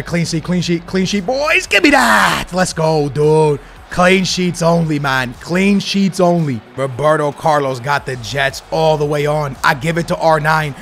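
A man's voice: on the high side, expressive, unhurried, hardly any pauses, fairly bright tone, slight background noise. A man casually commentating his own football video game match, chatting straight to his viewers as lads and bro. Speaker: gaming YouTuber.

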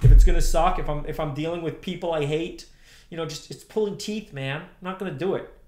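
A man's voice: fairly high pitch, brisk, a little mellow. A man in his thirties ranting on a livestream, heated and profane, repeating himself as he answers chat. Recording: roomy echo.

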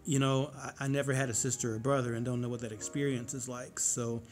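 A man's voice: medium pitch, flat delivery, a little fast. Forty-something guy ranting into the camera, swears a lot, rambles, faint music behind. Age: 40s. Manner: profane, rambling, heated. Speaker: vlogger. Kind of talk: casual monologue to camera.

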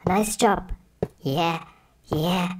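A woman voicing an eager little pig who urges the others on and repeats words excitedly. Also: on the low side, extremely slow, noisy background.

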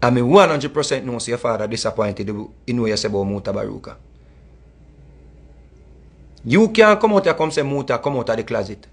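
A man's voice: mid-range voice, animated, normal speed, pauses often, breathy edge. A middle-aged man with a Jamaican accent, delivering a heated, scolding monologue that mixes in Patois and repeats his points. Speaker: music commentator.

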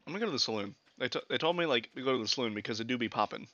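A young man casually commenting while playing a video game, excitable and swearing freely, on a lo-fi mic. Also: mid-range voice, very fast. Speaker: gaming streamer. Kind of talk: casual let's-play commentary. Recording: lo-fi old mic.

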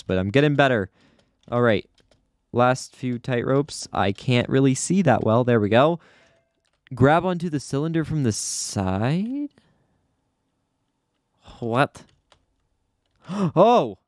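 A man's voice: medium pitch, lively intonation, a little slow, pauses often, no room sound. A young man giving casual, chatty commentary over his own gameplay, often flustered and poking fun at himself. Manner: chatty, self-deprecating, easily flustered. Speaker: gaming YouTuber.

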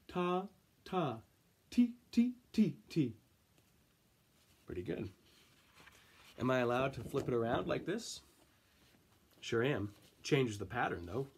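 A man's voice: mid-range voice, a little mellow, husky. A man teaching an elementary music class, counting in and chanting rhythm syllables for the children to clap along.

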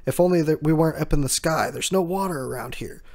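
A man's voice: a little high, fast talker, pitched above the performer's own voice, close to an everyday voice. A man reading out an anguished samurai. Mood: urgent.

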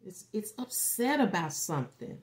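A woman giving a casual tarot forecast, rambling and animated, dropping to a whisper at times and swearing freely. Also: medium pitch, moderate pace. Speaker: tarot reader.

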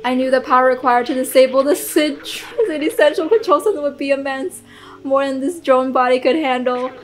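A woman's voice: sits high, fairly quick, soft background music, close to an everyday voice, poor audio. A woman reading aloud the lines of a small, loyal, self-sacrificing robot drone companion from a game, in her own voice. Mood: solemn.

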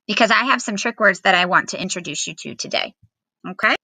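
A woman teacher gives a remote phonics lesson to young children, slowly sounding out letters and syllables with patience and encouragement. Her voice is mid-range with a sharp tone, and the recording is dry.

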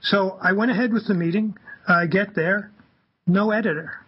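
A man, a radio guest, telling anecdotes in an animated way and acting out the quoted dialogue. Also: sits high, moderate pace, slightly rough, highs cut off. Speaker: guest, campaigner. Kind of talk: anecdotal storytelling on a radio talk show.

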